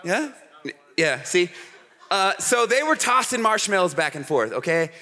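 A man preaching a youth sermon at a camp, telling stories in an animated way and checking in with the crowd with "okay?" and "all right?". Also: high-pitched, measured pace. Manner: animated storytelling with frequent "okay?" asides. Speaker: camp speaker. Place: large hall with an audience. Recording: hall reverb.

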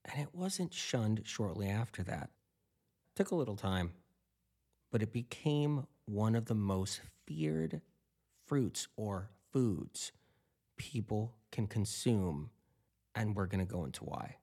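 A man's voice: on the low side, animated, slow, dark tone, breathy edge. A man eating and talking casually, rambling through anecdotes with lots of quoted dialogue. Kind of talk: casual storytelling monologue.

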